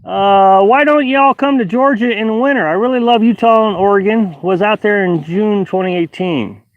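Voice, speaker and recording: A man's voice: high voice, moderate pace, phone-quality sound. Rambling man live-streaming outdoors. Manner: rambling, many fillers and restarts. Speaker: vlog host reading live chat. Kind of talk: casual live-stream chat. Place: outdoors at a high-altitude campsite.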